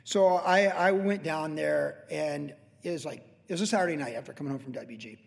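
A man's voice: fairly high pitch, brisk, creaky, long reverb tail. A man in his late fifties, a pastor telling a rambling, conversational story in a casual sermon, full of restarts and asides. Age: late 50s.

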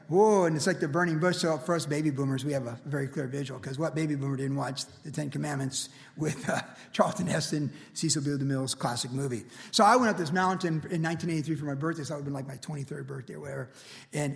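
A man in his sixties preaching a verse-by-verse sermon in a relaxed, chatty way, filling his stories with "like" and "you know". His voice sits a little high for a man. The sound carries the long reverb of a church hall. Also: creaky. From United States. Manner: casual storytelling with lots of "like" and "you know". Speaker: pastor.

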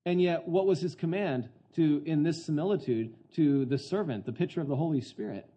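A man preaching an expository sermon in an excitable, conversational way, often putting questions to the congregation. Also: a little high, a little fast. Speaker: pastor.

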